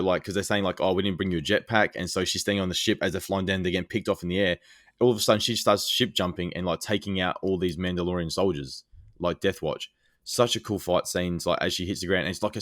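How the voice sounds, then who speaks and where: In a low voice on a dry, studio-quality recording, a male podcast co-host eagerly retells scenes in casual conversation. His delivery is excited and rambling, packed with fillers.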